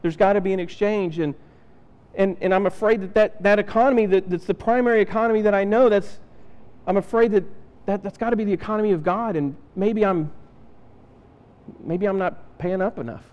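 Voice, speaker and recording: A man's voice: high-pitched, a little fast, darkish tone, highs cut off. A man preaching a conversational sermon, acting out the lines of the people in his stories. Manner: conversational, acts out Bible characters' lines. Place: church sanctuary. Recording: reverberant church hall.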